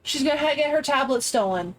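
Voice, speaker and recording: A woman's voice: sits high, lively intonation, brisk, rough recording. A young woman streaming a game, commenting live and swearing freely as she talks back at it.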